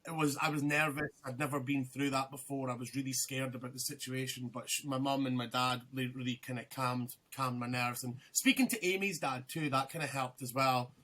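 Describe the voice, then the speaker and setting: A man's voice: medium pitch, steady tone, fairly quick, few pauses, sharp tone. A young man, a podcast guest, telling a rambling story in casual chat, swearing freely and restarting his sentences.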